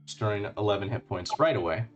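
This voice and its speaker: A man narrating a tabletop game as game master in a relaxed way, using fillers as he goes. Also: lowish voice, quick pace, faint music behind.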